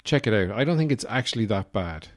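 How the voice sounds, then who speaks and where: Low-voiced Irish man rambling on a podcast. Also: lively intonation, fast. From Ireland. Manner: rambling and digressive, many "uh" fillers; wry, self-deprecating humor. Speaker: podcast host. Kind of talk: casual solo podcast talk.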